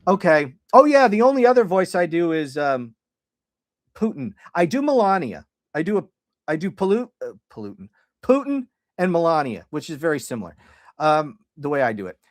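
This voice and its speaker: Animated, swearing podcast host man. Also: a little high, moderate pace, dry recording, studio quality. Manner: casual, swears freely, mixes jokes with serious points. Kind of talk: casual livestream talk.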